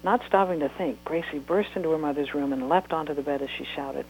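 A woman author reading a chapter of her book aloud in steady, unhurried narration. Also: deep voice, a little hiss or hum, low-quality recording.

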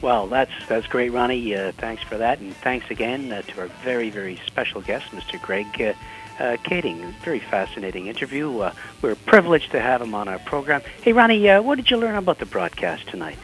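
This is a man hosting a talk radio program, his voice sitting at an ordinary pitch but moving through a wide, animated range. He reads lead-ins and reminders in a steady, practiced broadcaster's cadence, with faint music playing underneath. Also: a little fast, low-quality recording. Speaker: radio show co-host.

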